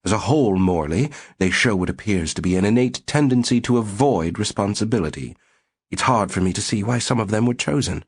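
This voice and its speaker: A man's voice: on the low side, animated, a little fast, husky. A man voicing a skinny, pushy male psychologist with a clinical, condescending manner.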